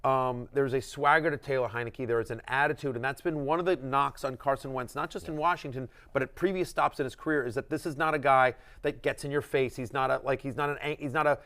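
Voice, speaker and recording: A middle-aged man hosting a fantasy football show, talking in an excitable, rambling way with many restarts. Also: medium pitch, quick pace, hardly any pauses. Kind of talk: casual sports chat.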